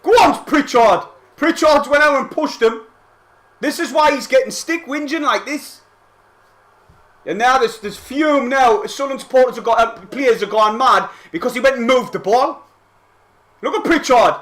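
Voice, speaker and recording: Young lad with a high voice, streaming live football reactions and swinging between yells and quiet chat-reading. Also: male voice, moderate pace. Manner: excitable, shouting and swearing at goals, then quietly reading chat.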